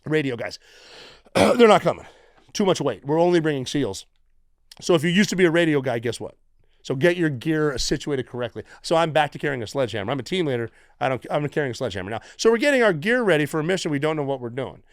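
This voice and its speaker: Animated profane storyteller, a man. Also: fairly high pitch, quick pace, dry recording, studio quality. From United States. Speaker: guest, former Navy SEAL. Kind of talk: casual storytelling.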